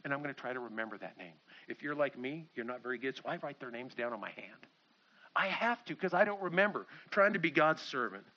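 A man's voice: mid-range voice, lively intonation, fast. A middle-aged man, a pastor, preaching a sermon in a church and acting out quoted voices with animation. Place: church sanctuary. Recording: slightly dull lo-fi sound.

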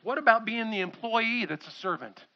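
A man's voice: sits high, animated, normal speed, pushed and bright. A middle-aged man, a pastor, preaching a sermon in a church and acting out quoted voices with animation. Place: church sanctuary. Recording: slightly dull lo-fi sound.

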